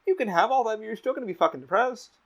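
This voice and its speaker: A podcast host chats casually, talking candidly, rambling, and swearing a lot. His high-pitched voice is animated, rapid-fire, and a bit bright, and the recording has dull lo-fi audio.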